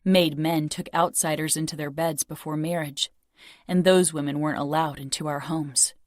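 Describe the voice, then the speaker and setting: A young woman narrating a romance audiobook in first person, soft, intimate and measured. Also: low voice, steady tone, dry recording, clean studio sound.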